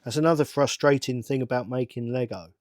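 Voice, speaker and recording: A man's voice: mid-range voice, brisk, no echo. Chatty middle-aged man, dry sound. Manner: rambling, talks to himself while working, bursts of excitement. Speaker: channel host. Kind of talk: casual build-along chat.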